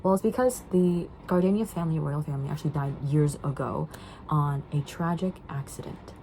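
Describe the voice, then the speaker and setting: A woman's voice: deep voice, a little fast, warm tone, slight background noise, low-quality recording. A young woman chatting casually as she recaps a movie, rambling with lots of fillers. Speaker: vlogger.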